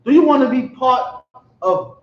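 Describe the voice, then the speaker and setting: A man delivers street-style religious preaching in a very high-pitched, animated voice, a little slow. He fires off emphatic rhetorical questions, often asking whether his listeners understand. It is an echoey, lo-fi room recording.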